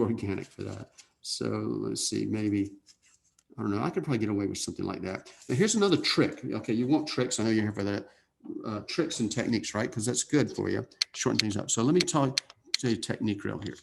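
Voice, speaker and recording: A man teaching an airbrush painting lesson in a relaxed way, thinking out loud and often checking in with "okay?". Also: fairly low pitch, vocal fry, slight background noise. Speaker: art instructor. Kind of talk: casual painting demonstration.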